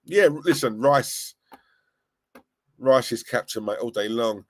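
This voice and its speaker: A young man hosting a live stream, chatting casually, reading viewer comments and reacting with animated, rambling restarts. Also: slow pace, long pauses. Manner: animated, rambling, restarts and laughs, pitch jumping when worked up. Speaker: fan channel live-stream host.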